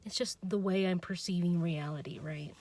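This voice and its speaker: A young woman venting her frustration in an unscripted personal vlog, halting and restarting, trailing off and laughing at herself. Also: on the low side, a little mellow. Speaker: vlogger.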